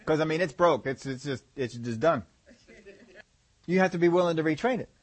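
Guy preaching, folksy and chatty, voice a bit on the high side. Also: fairly quick, husky. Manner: folksy, conversational, acts out examples with groans and laughs. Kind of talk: sermon.

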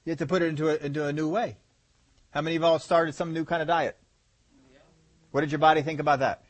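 Guy preaching, folksy and chatty, voice a bit on the high side. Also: steady tone, quick pace, highs cut off. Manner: folksy, conversational, acts out examples with groans and laughs. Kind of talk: sermon.

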